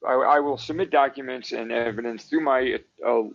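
A man's voice: mid-range voice, steady tone, normal speed, creaky, no room sound. A man co-hosting a podcast, teasing his friend with profane, casual banter and calling him bro. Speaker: podcast co-host. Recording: dull lo-fi recording.

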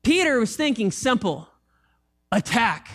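A man preaching a sermon as pastor, animated and conversational, with jokes and asides to the congregation. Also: very high voice, measured pace.

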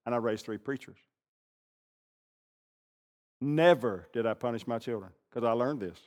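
An older man preaching a sermon, animated, swinging from loud bursts to hushed asides. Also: medium pitch, normal speed. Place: church sanctuary. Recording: long reverb of a large hall.

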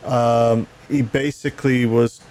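A man's voice: medium pitch, little pitch movement, takes it slowly, darkish tone. A man co-hosting a casual gaming chat, reading viewer comments aloud and often restarting his sentences with repeated words.

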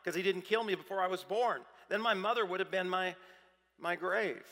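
A weary prophet ready to give up, as a man acts him out in a sermon, lamenting in a plain, conversational tone. The voice is high for a man and bright. A long hall reverb trails behind. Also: normal speed. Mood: despairing. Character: weary, discouraged male prophet on the verge of quitting.

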